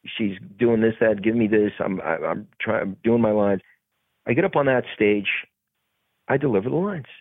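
Male actor guest, gravelly and husky, animated storyteller who acts out other voices, dry phone-like audio. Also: lowish voice, moderate pace, no room sound. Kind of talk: casual storytelling interview. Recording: tinny phone-like podcast audio.

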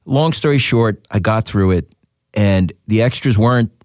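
A man, an actor, telling a story in a casual interview, animated and repeating words as he goes. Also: normal speed, dry recording, clean studio sound. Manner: animated, jumps up in pitch acting out quotes, repeats words. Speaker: actor guest.

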